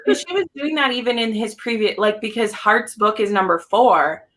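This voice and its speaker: Woman host, bright and animated, gushing casual chatter. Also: fairly high pitch, normal speed. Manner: gushing, animated, filler-heavy. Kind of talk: casual group chat.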